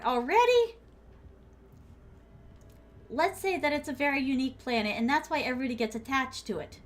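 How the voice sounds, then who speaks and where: A woman streaming a game, chatting casually and rambling animatedly through a made-up story while laughing often. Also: high voice.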